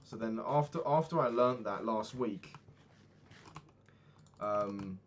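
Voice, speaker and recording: A young man with a fairly low voice tells a story from his own life, loose and unfiltered, swearing often. He slips into quick impressions of the people he quotes. A faint hiss sits under the recording. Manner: candid, swears freely, acts out quoted people. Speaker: podcast host. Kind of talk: casual storytelling monologue.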